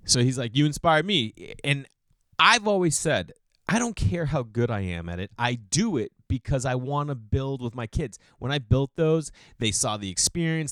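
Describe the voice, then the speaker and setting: A man in his thirties talks through a casual podcast monologue, animated and loose as he tells his stories. His voice is smooth and clear at a middling pitch. The sound is dry and close, with no room around it. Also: dry recording. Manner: animated storytelling, mimics voices. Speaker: podcast host.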